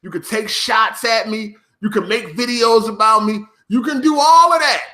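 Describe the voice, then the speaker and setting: Man, vlogger, high and sharp-toned, profane repetitive rant to camera. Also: normal speed. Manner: profane, repetitive, emphatic ranting. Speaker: YouTuber.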